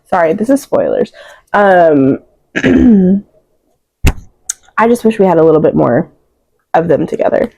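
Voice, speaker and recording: Low, mellow-voiced young woman gushing about books. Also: big pitch swings, unhurried, creaky, long pauses, poor audio. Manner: emotional, rambling, many "like" fillers. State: close to tears. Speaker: book reviewer. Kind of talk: casual book wrap-up chat.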